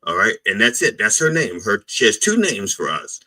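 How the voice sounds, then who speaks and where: Animated, bright-voiced comic man. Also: on the low side, normal speed, low-quality recording. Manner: blunt, riffing, repeats itself with "all right?" and "okay?". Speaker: comic mock reverend and podcast host. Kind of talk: rambling comic monologue.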